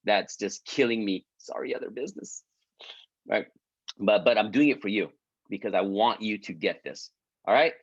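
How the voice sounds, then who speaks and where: A man's voice: on the low side, expressive, moderate pace, breathy edge, no room sound. A man coaching an online business group in a casual motivational pep talk, full of restarts and repeated "right?", pleading and encouraging. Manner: repetitive, stumbling restarts, keeps asking "right?". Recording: dry, muffled lo-fi audio.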